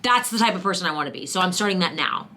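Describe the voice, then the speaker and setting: A woman's voice: fairly low pitch, expressive, very fast, sharp tone, slight background noise. A young adult woman actor chatting casually to camera, bubbly and enthusiastic. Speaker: actor and vlogger.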